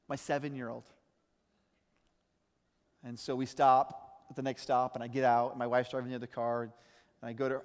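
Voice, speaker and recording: Animated male pastor in a reverberant hall. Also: mid-range voice. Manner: animated storytelling, mimicking voices. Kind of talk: sermon.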